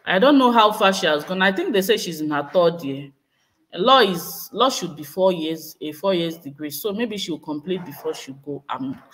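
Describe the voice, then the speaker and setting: A woman vlogger in casual live-stream commentary, speculating and hedging as she reads out and answers viewer comments. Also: on the low side. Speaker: vlogger hosting a live chat.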